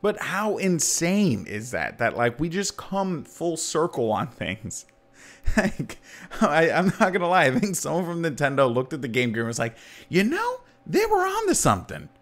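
A man's voice: a little high, moderate pace. A man in his thirties hosting a podcast, chatting casually and jokily, with his voice leaping up to stress points. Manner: animated and jokey, voice leaping up for emphasis. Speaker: podcast host. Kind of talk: casual chat.

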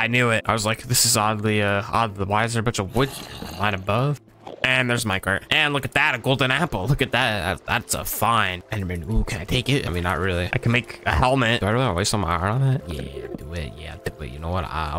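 Bright-voiced man chatting through gameplay. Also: on the low side, fast. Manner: chatty running self-talk, swears casually. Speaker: gaming channel host. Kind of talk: casual gameplay commentary.

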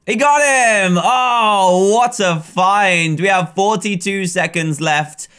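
A young English man in his twenties giving excitable, playful gameplay commentary, chatting and often breaking into yelling. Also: high-pitched, slow pace, smooth. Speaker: gaming YouTuber.

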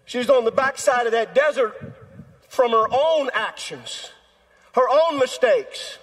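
A male pastor preaches a sermon in a notably high voice. His tone is husky and breathy, and he acts out quoted voices with drama. The sound rings with long reverb from the church sanctuary. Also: expressive, slow.

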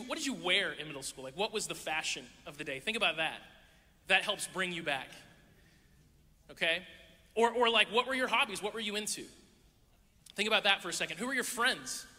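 A youth pastor preaches to a church audience, playfully telling stories and acting out the voices in them. His voice sits high and sounds pushed and bright, recorded in an echoey hall.

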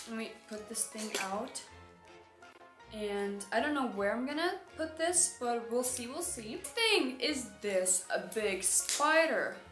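A woman's voice: fairly high pitch, a bit bright. Chatty teen girl in an echoey room. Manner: chatty and upbeat, showing off decorations. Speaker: vlogger. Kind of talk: casual vlog narration. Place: bedroom.

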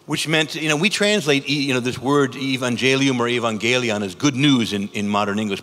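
A man, a priest, giving a conference talk in an animated, conversational way, full of rhetorical questions. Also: medium pitch. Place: large conference hall. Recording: echoey conference hall.

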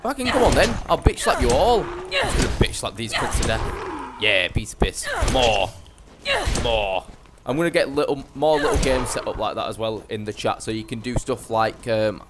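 A man's voice: mid-range voice, very noisy. A young man giving brash, sweary live commentary as he streams a game.

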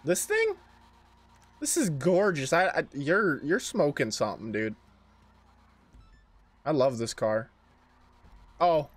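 A man streaming a car game live, chatting casually with his viewers, swearing and joking a lot. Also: mid-range voice. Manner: profane, joking, talks to chat. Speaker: livestream gamer. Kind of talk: casual gaming livestream commentary.

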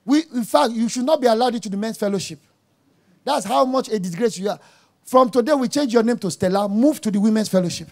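A man preaching a sermon, emphatic and jabbing, dropping to quiet asides and rising to loud exclamations. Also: high voice, fast talker.

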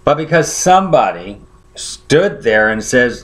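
A man's voice: mid-range voice, animated, unhurried. A man preaching a sermon, telling a personal story in a conversational way and often checking in with his listeners.

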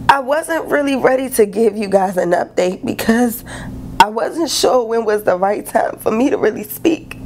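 A woman talks straight to her viewers in a casual makeup chat, warm-hearted and close to tears at times. Her voice has a gravelly fry to it. A faint hiss sits under the home recording. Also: medium pitch. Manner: candid, emotional, talks straight to viewers as "y'all". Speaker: beauty vlogger. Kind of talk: casual get-ready-with-me chat. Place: living room by a bright balcony window.

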